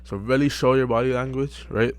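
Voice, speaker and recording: A young man giving casual self-improvement advice to camera, relaxed and full of fillers, often checking in with "right?". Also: medium pitch, fairly quick, smooth. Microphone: close mic.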